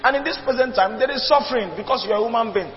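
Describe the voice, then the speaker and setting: A man's voice: very high voice, rapid-fire. A man preaching a sermon, emphatic and repetitive, calling on the congregation to respond. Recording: dull lo-fi recording with long reverb.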